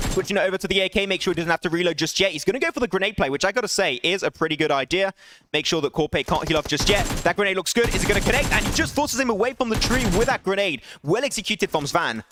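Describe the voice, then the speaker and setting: A young man casting a mobile shooter match alone on a live stream, calling plays excitedly and chatting with viewers. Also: sits high, noisy background. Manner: excitable, rising to shouts at big plays, laughing apologies to chat. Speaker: esports caster. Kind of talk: solo live esports play-by-play.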